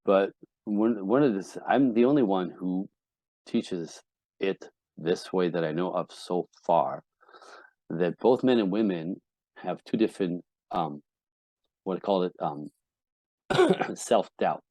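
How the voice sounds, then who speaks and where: Blunt, emphatic man with a deep, mellow voice. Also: takes it slowly, pauses often, no echo. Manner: blunt and emphatic, swears often; acts out quoted voices of wives and husbands. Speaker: relationship coach, podcast guest. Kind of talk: candid podcast interview.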